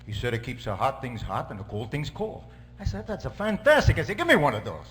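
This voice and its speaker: A man's voice: medium pitch, wildly swooping pitch, quick pace, a bit bright, a little hiss or hum, pitched below the performer's own voice. A man playing a joking Italian priest with a put-on Italian accent and broken English, telling jokes in a comedy sketch. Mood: jovial. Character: joking middle-aged male Italian priest. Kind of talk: stand-up character sketch.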